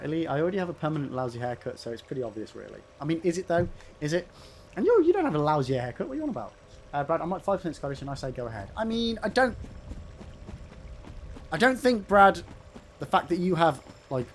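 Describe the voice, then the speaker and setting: Talking at a quick pace with big pitch swings, this man's voice sits a little high. He's an English gaming streamer commentating live, bantering and teasing his chat, and now and then swearing suddenly at the game. There's slight background noise.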